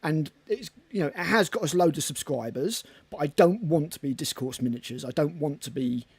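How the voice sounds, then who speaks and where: A man's voice: fairly high pitch, animated, brisk, breathy edge, no room sound. A man co-hosting a casual hobby podcast, rambling and chatty with casual swearing. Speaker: podcast co-host. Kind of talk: casual chat.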